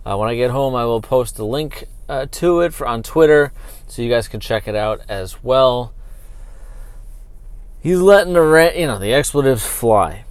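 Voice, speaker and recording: A man's voice: medium pitch, moderate pace, smooth, no room sound. A man hosting his own sports podcast, ranting casually to listeners with lots of fillers and asides. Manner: animated, talky, with many fillers and asides. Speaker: podcast host.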